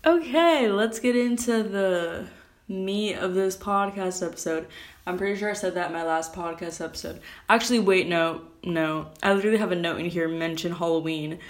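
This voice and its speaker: A woman's voice: fairly low pitch, moderate pace. A teenage girl hosting her own podcast, chatting and ranting in a rambling, self-correcting way, recorded on a phone. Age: teens. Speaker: podcast host. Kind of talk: casual solo podcast rant.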